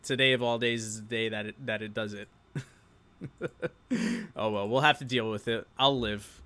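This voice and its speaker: Bright-voiced New York guy chatting. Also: fairly low pitch, fairly even intonation, normal speed, smooth. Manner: chatty, laughs often, reacts to chat. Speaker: live-stream show host. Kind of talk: casual live-stream chat.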